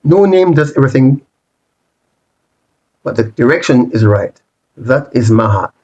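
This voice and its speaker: A man presenting a reflective monologue, speaking in deliberate, repetitive rhetorical phrases with the odd restart. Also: medium pitch, expressive, a little mellow, muffled recording. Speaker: channel presenter.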